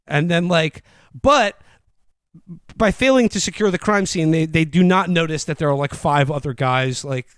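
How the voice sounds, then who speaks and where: A man's voice: on the high side, moderate pace, smooth, no room sound. A man co-hosting a podcast, rambling through a movie recap with stumbling restarts and mock quotes. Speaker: podcast co-host. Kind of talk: casual movie-review chat.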